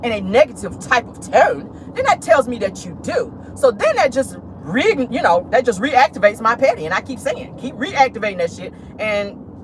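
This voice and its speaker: Woman host doing petty, sassy commentary from her car, very animated voice, light outdoor hum. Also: fairly high pitch, normal speed. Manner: sassy, petty, talks straight to viewers with lots of "honey" and "y'all". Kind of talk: casual commentary vlog from a car. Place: parked car.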